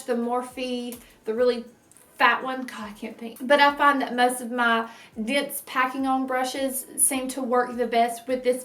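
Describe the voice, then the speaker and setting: A chatty woman with a rural American twang, rambling happily through product favorites. Her slightly high voice sounds roomy and set back from the mic, with echo from the room around her. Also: a bit bright, recorded from a distance. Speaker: beauty vlogger. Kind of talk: casual product review chat.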